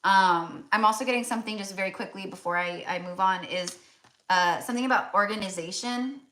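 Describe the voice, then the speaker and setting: A woman's voice: medium pitch, brisk, bright, forceful tone. An American woman giving a casual tarot reading, chatty and full of fillers and restarts. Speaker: tarot reader.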